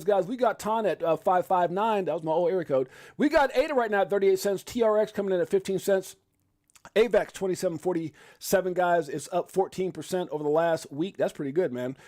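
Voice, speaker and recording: A man hosting a casual live stream, excitable and joking, often exclaiming as he runs through prices. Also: high-pitched. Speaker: crypto live stream host.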